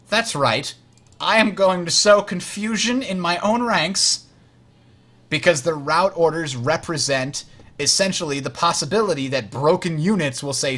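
A man's voice: a little high, a bit bright. A man hosting a game tutorial, explaining rules step by step while playing, correcting himself with frequent fillers. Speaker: host teaching a board game.

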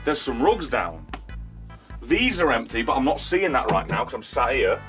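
A man chatting and joking loudly while moving heavy furniture, swearing and exclaiming often, a little out of breath. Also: medium pitch, big pitch swings, normal speed, faint music behind. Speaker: vlogger. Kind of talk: casual chat while doing heavy lifting.

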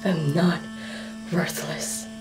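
A woman's voice: deep voice, little pitch movement, very slow, over music, rough recording. A tormented soldier woman. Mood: self-loathing. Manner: strained, alternating whispers and outbursts. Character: soldier woman battling PTSD and inner self-loathing. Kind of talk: film drama acting.

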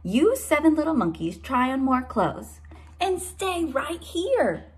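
A woman's voice: big pitch swings, takes it slowly, heavily acted. A woman voicing a flustered mother monkey in a picture book, gasping and worried when she counts her children. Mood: firm, motherly. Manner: gasping, high-pitched when alarmed.

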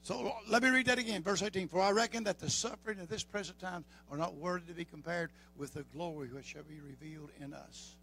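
A man with a Southern US accent preaching a sermon as pastor, folksy, rising to shouts. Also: high-pitched, brisk, gravelly, few pauses, husky, rough recording.

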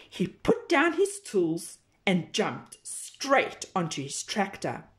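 Here a woman teacher narrates a children's picture book at an unhurried pace, her medium-pitched delivery expressive like a storyteller's.

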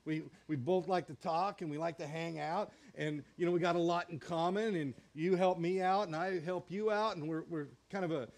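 A man's voice: fairly high pitch, fairly even intonation, normal speed, hardly any pauses. A man preaching a sermon as pastor, folksy and joking, acting out little quotes as he teaches.

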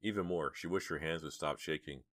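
A man narrating an audiobook with measured, dramatic storytelling. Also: rumbling low, fairly bright tone, no echo. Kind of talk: audiobook reading.

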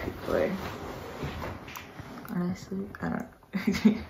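Whispering woman with a low, gravelly voice. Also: fairly even intonation, normal speed, reverberant. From New York. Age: young adult. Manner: whispering, chatty, many fillers. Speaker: health educator. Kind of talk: whispered casual chat. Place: bedroom at home.

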